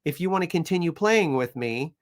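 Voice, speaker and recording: A man who trains dogs, chatting casually and telling animated stories, often laughing and switching into high, playful voices for the people and dogs he quotes. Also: a little fast. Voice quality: chatty with frequent fillers and laughs. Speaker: dog trainer. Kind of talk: casual chat.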